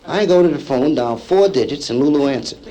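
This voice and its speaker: Stand-up comic telling a party story. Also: male voice, a little high, brisk, heavy background noise. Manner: acts out characters in the story, lively punchline delivery. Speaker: stand-up comedian. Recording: vintage live comedy album, vinyl transfer. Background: audience laughter.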